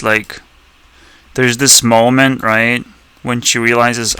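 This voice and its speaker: Male reaction commentator: unhurried delivery, rambling and profane, laughs a lot. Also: medium pitch, level tone, sharp tone, smooth, soft background music. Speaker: video commentator.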